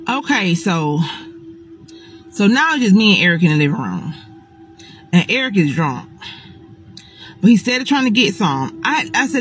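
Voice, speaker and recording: Animated, profane woman telling a story. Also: medium pitch, moderate pace, long pauses. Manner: profane, animated, talks to viewers as "y'all". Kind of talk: casual storytime. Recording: echoey room with faint music.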